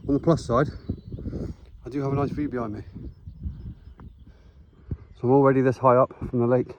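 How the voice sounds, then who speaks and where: On a casual hiking vlog, a young man walks up a windy hillside chatting to his phone camera like a mate. His medium-pitched voice is flat at a normal speed, the audio is muffled, and wind and outdoor ambience run behind.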